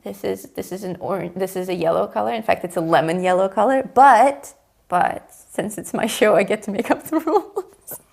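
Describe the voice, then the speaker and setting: A woman's voice: medium pitch, normal speed, gravelly, a little mellow. A middle-aged woman hosting a live coloring show, chatting casually and explaining her technique while she draws, laughing easily. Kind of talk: casual chat while drawing.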